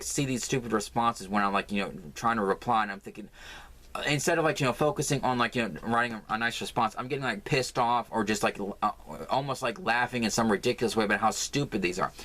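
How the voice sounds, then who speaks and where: A man's voice: lowish voice, sharp tone. An American man talking through a casual crafting vlog at home, rambling with lots of fillers and sounding exasperated. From United States. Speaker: crafting vlogger.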